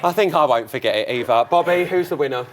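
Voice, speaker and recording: A man's voice: fairly high pitch, expressive, quick pace. A man hosting a studio show, teasing and playful, running games with lots of energy. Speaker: host. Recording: noisy studio with live audience.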